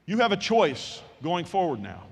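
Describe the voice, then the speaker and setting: A man in his sixties speaks from a ceremony stage, telling stories in a folksy, animated way and voicing the people he quotes. His voice sits a little high for a man. A long reverb trails his words through the large hall. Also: moderate pace, breathy edge. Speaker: commencement speaker. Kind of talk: storytelling speech.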